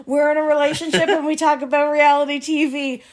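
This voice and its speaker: A woman's voice: high voice, level tone, fairly quick. A woman from Canada in her thirties, co-hosting a podcast in casual, giggly, self-mocking chat. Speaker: podcast co-host.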